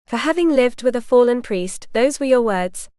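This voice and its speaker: A woman reading the lines of a proud but frightened young noble bride in an audiobook, often hushed. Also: fairly high pitch, animated, normal speed, smooth, no echo, clean studio sound, lightly acted.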